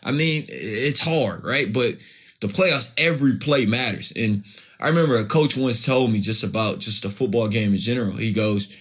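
A man's voice: medium pitch, normal speed, a bit bright, husky. A man, a pro football player, answering interview questions in a loose storytelling way with many restarts.

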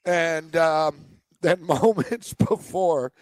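A man co-hosting a radio show, chatting casually and slipping into quoted voices as he tells stories. His voice sits a touch higher than most men's. The sound is close and dry, with no room around it. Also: very slow, dry recording. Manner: animated storyteller, slips into quoted voices. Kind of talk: casual banter.

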